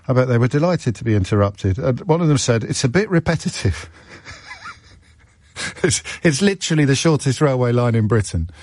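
A man's voice: mid-range voice, animated, fairly quick, long pauses, darkish tone, no room sound. A middle-aged man hosting a radio phone-in, chatty and self-deprecating, with stammering restarts. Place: radio studio. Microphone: studio microphone.

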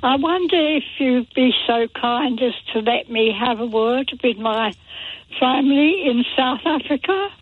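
A woman's voice: high-pitched, animated, no room sound. Very old woman on a phone line. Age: 100s. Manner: slow, formal and heartfelt. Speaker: caller. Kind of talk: radio phone-in call.

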